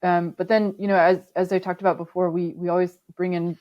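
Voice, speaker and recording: A woman's voice: fairly low pitch, flat delivery, a little fast, muffled recording. A woman guest on a podcast interview, explaining her work thoughtfully with frequent ums and restarts. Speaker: sustainability manager, podcast guest. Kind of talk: conversational interview.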